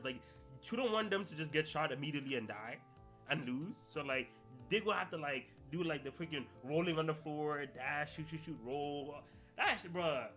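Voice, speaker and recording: A young adult man hosts a podcast alone, delivering casual, slangy commentary and laughing through his rants. His voice is a little high with a sharp tone.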